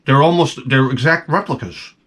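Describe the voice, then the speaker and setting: A man imitating a fussy grown male coworker who slowly and indignantly corrects people about his collectibles. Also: mid-range voice, a bit bright, husky. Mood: correcting.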